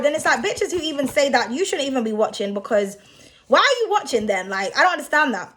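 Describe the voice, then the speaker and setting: High-voiced woman in a blunt, profane rant. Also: expressive, fast talker, a bit bright. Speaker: tarot reader. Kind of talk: casual vlog rant.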